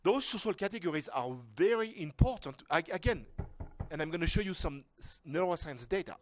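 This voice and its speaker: With a high-pitched, animated, brisk voice, a man from France addresses a workshop class informally. His conversational talk wanders, full of restarts, side remarks, and rhetorical questions.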